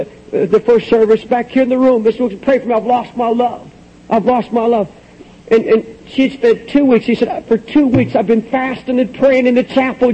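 A man preaching a sermon, fervently retelling a story with quoted dialogue, swinging from hushed low passages to high, urgent ones. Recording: dull lo-fi old recording.

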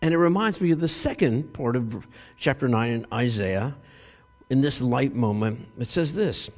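A man's voice: medium pitch, normal speed, soft background music. Man preaching in a reverberant hall. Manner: animated storytelling with many fillers and restarts. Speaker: pastor. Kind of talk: sermon retelling a film.

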